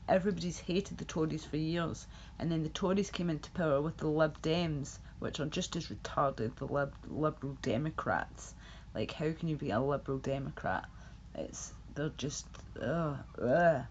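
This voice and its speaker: Low-voiced woman ranting. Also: moderate pace, dull audio, slight background noise. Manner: rambling, blunt, swearing, laughs often. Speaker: livestream host. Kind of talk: casual ranting chat.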